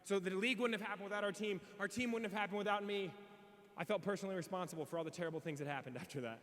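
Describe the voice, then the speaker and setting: A young man telling a funny, self-mocking story in a farewell speech as a student officer, in an animated, quick comic way. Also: high-pitched. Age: young adult. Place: large convention hall. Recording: reverberant hall sound.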